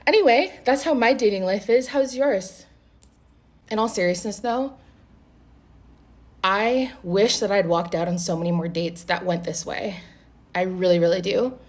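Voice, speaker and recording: A young adult woman vlogger telling a casual story in a blunt, animated way, swearing freely. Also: mid-range voice, a little slow, pauses often.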